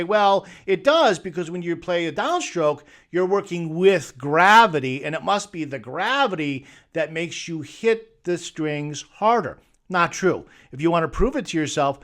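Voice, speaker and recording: A man's voice: on the high side, a bit bright. A man teaching guitar technique, emphatically debunking myths and firing off rhetorical questions. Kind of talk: instructional talk to camera.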